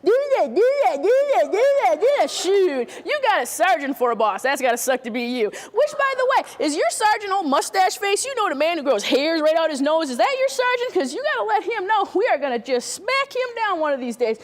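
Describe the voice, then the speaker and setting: A woman's voice: very high voice, very animated. A woman acting out a chatty, scattered witness who tells her story in loops and digressions. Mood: animated rambling. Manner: fast, circular, digressive storytelling.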